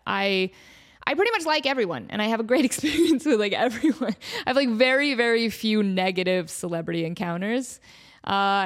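A woman in her thirties hosting a podcast in a casual, chatty way, saying "like" a lot and laughing easily. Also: on the high side. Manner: chatty, heavy use of "like", quick laughs. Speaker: podcast host.

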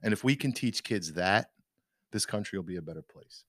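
A man's voice: lowish voice, lively intonation, a little fast, a bit bright, dry recording, clean studio sound. A man co-hosting a casual podcast, ranting emphatically with frequent restarts. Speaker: podcast co-host. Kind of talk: casual opinion chat.

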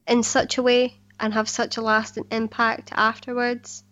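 A woman's voice: fairly high pitch, level tone, unhurried, a bit bright, dull audio. A woman co-hosting a podcast in casual chat, earnest and enthusiastic, often restarting her sentences. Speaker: podcast co-host.

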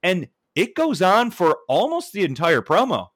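A man co-hosting a casual wrestling podcast, animated and quick to laugh, often mimicking shouting fans as he tells a story. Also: sits high, no room sound, studio quality. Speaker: podcast co-host.

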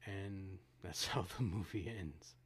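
A man's voice: low voice, slow, breathy edge. A man co-hosting a podcast, retelling a movie's ending in casual talk with many restarts and acted-out quotes. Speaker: podcast co-host. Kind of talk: casual film discussion.

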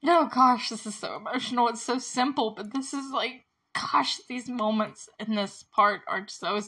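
A woman's voice: on the high side, normal speed, bright, forceful tone, breathy edge, rough recording. A young adult woman hosting a casual recap podcast, talking in a chatty, emotional way and using "like" often. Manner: chatty and emotional, heavy use of "like". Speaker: show host recapping a TV episode.

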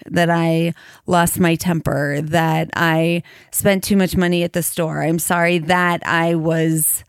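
A woman in her thirties co-hosting a faith podcast, talking in a thoughtful, measured way and slowing down to spell out examples. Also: fairly low pitch, smooth, no room sound, studio quality. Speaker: podcast co-host. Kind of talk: casual conversation about marriage and faith.

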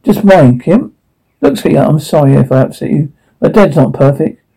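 A middle-aged father full of secrets, defensive and deflecting, as a man acts him out. The voice is dark and gravelly, with a husky rasp. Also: a little high, expressive, moderate pace, full character voice, low-quality recording.

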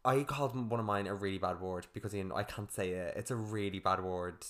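A man's voice: lowish voice, quick pace, fairly bright tone. A young man co-hosting a podcast, rambling through stories in casual chat full of slang and swearing. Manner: rambling storytelling with crude slang and filler words. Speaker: podcast co-host.

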